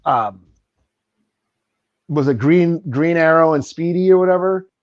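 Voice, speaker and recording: Podcast sidekick, male, slightly high voice, short reactions, muffled distant mic. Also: unhurried, clear, resonant tone, no echo. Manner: short reactions, laughs along. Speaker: podcast co-host. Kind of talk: casual chat.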